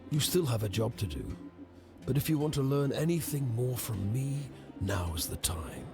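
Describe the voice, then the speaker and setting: An actor playing a calm, wry ancient wolf spirit in a video game, with a gravelly voice. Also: male voice, medium pitch. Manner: slow, unbothered, quietly amused. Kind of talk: game voice acting. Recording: game audio under a music bed.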